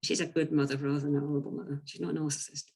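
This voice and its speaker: A woman's voice: sits low, flat delivery, racing, gravelly, darkish tone, husky, rough recording. A woman coach giving a chatty, informal presentation talk, with frequent ums. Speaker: women's coach.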